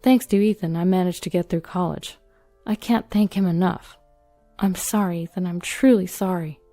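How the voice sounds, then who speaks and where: A woman's voice: on the low side, steady tone, moderate pace, dark tone, faint music behind, lightly acted. A woman voicing a young man who is a grateful, earnest younger brother. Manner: earnest, stern toward his bride.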